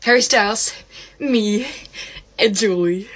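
A young woman excitedly telling a storytime about meeting someone, rambling with lots of "like". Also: medium pitch, slow. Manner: giddy, rambling, heavy use of "like". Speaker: vlogger.

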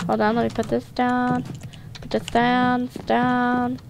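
A woman's voice: fairly high pitch, completely flat delivery, measured pace, creaky. Chatty, giggly young woman gaming. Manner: chatty, giggly, sings little snatches. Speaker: let's play host. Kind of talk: casual gameplay chat. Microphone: headset mic. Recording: noisy home recording with keyboard and mouse clicks.

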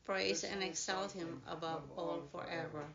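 A woman leading prayer, reciting psalm verses in a slow, measured way. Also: on the low side, steady tone, gravelly, over a noisy crowd. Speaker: prayer leader. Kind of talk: liturgical recitation. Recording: echoey, dull recording with a congregation.

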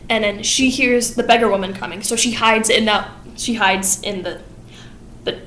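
A woman hosting a casual vlog, retelling a story in a chatty way and slipping into quick voices for the characters. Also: mid-range voice, fairly bright tone, a little hiss or hum. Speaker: channel host. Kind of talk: casual plot summary vlog.

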